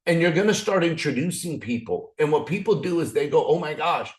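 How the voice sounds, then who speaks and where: A raspy man leading a motivational training call, excitable, swinging up and down and restarting his sentences often. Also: brisk. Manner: excited, repetitive, frequent restarts; swings up and down in pitch. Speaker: business opportunity trainer.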